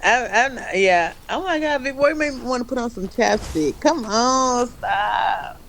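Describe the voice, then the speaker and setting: A woman's voice: on the high side, measured pace, a bit bright. Giggly woman, 20s, livestream guest on a video call, casual slang, faint background noise.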